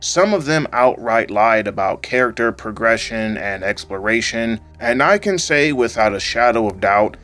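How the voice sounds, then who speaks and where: A man reading a scripted gaming video essay into a home microphone, in a calm, fairly monotone way with occasional rises. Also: medium pitch, normal speed, hardly any pauses. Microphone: home microphone voice-over. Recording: faint background music under voice-over.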